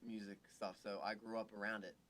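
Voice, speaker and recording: A man's voice: on the low side, level tone, a little fast, over a noisy crowd. A man co-hosting a casual live podcast chat, rambling and searching for words with casual swearing. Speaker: podcast co-host.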